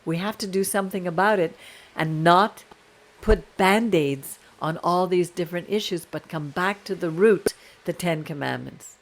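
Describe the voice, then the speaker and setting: An earnest woman leading a casual Bible study over a video call. Her voice sits a little low, and she talks in an encouraging, preaching way. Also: moderate pace. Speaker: Torah class host.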